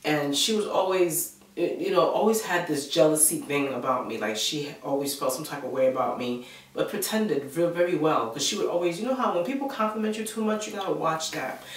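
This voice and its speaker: A woman vlogger telling a personal story in a casual, animated way. She acts out the voices of the people she quotes and fills gaps with "blah blah". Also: deep voice, a little fast. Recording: echoey room, mic at a distance.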